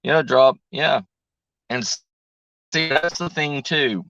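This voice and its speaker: A man's voice: on the high side, slow, sharp tone. A middle-aged man rambling in casual livestream chat and reading out viewer names, heard over a lo-fi phone connection. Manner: rambling, reads viewer names, thinking aloud. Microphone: phone on a weak connection. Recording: muffled lo-fi stream audio over bad cell signal.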